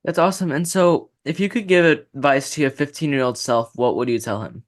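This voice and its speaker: A man's voice: on the high side, a little fast. A man hosting a podcast interview, upbeat, asking questions with short affirmations. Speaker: podcast host.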